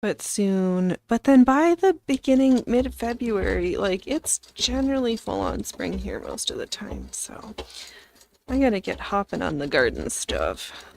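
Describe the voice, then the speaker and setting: A middle-aged woman hosting a casual livestream, rambling and chatting with viewers in a slow, drawn-out way, with soft whispered asides. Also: medium pitch, sing-song, vocal fry, a little hiss or hum. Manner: rambling, chatty, reads and answers viewer chat. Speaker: livestream host. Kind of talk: casual livestream chat while sewing.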